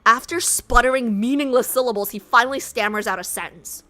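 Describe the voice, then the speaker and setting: A woman's voice: on the high side, a little fast, sharp tone. Brash woman streamer reading a game aloud. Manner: brash, profane, indignant outbursts. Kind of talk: reading a game story aloud with live reactions.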